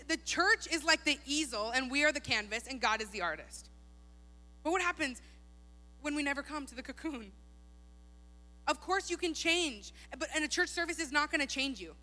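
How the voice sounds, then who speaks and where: Bright high-voiced young woman preaching. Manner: casual and chatty, many "like"s. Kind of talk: sermon. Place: church hall. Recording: long hall reverb.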